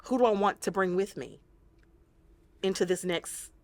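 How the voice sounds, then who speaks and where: A woman's voice: mid-range voice, normal speed, no room sound. A woman therapist guesting on an interview, talking earnestly and reflectively and sometimes acting out the voices she quotes. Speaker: trauma-focused therapist, guest.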